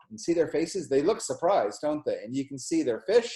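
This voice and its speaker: A middle-aged man, a college president, reads a picture book aloud to children, explaining the pictures in a slow and gentle way. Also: on the high side, big pitch swings. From New Jersey, US. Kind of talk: read-aloud storytime. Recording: echoey room.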